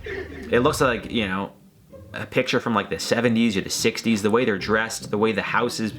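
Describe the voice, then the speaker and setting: A man's voice: on the low side, steady tone, moderate pace, background noise. A man hosting a reaction video, talking in a rambling, hesitant, joking way. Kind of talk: casual commentary.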